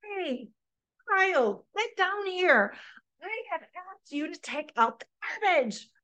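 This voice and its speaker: A woman's voice: very high-pitched, big pitch swings, slow pace, pitched above the performer's own voice, full character voice, rough recording. A woman playing an exasperated scolding mom. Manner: yelling, scolding.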